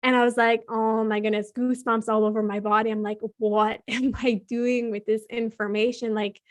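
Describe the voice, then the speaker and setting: A Canadian woman, a guest on a podcast, tells a personal story in a fairly high, flat voice at a moderate pace. She chats freely, uses "like" a lot, and quotes both her own words and what others said.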